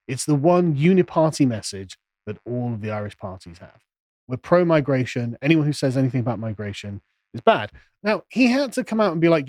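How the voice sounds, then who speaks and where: A man's voice: medium pitch, big pitch swings, a little fast, a little mellow, no room sound. A man co-hosting a casual political podcast, sardonic, mocking the people he quotes. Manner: sardonic, mocks quotes in put-on voices. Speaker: podcast co-host.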